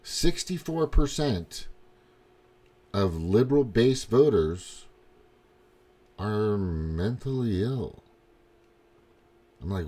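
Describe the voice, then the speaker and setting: A man's voice: on the low side, lively intonation, very slow, pauses often, warm tone. A man from the ranting casually on his livestream, swearing often and rambling in disbelief. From Missouri, US. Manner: profane, rambling, incredulous. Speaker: livestream host. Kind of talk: casual political rant.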